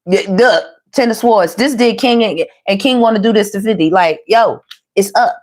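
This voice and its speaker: A woman giving a casual tarot reading, talking to her viewers in a chatty, slangy, animated way. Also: mid-range voice, normal speed. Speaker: tarot reader.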